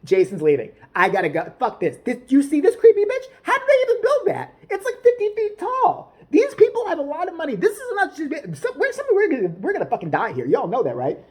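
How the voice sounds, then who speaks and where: A woman's voice: high voice, huge pitch swings, a little fast, few pauses, a little mellow. A woman ranting in a casual, rambling way, swearing often, laughing and putting on mock outrage as she talks. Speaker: vlogger reviewing a TV show.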